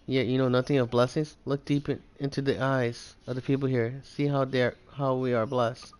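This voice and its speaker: A man voicing a soothing, devout old village grandmother in a put-on Spanish accent, reading game text slowly and haltingly. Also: mid-range voice, level tone, darkish tone, smooth, close to an everyday voice. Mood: solemn, coaxing.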